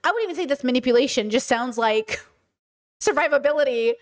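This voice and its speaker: A woman's voice: high-pitched, lively intonation, a little fast. A woman hosting a casual livestream, talking emphatically with rhetorical questions and answering her chat. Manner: many fillers and restarts, rhetorical questions. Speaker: streamer and podcast host.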